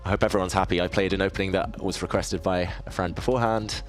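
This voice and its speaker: A man with a low, deep voice talks through his chess moves on a live stream. He thinks aloud, chats easily with his viewers and pokes fun at himself. Soft music plays faintly behind him. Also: steady tone, fast. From southeast England. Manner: thinks aloud, self-deprecating, chatty with viewers. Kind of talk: casual live-stream commentary while playing.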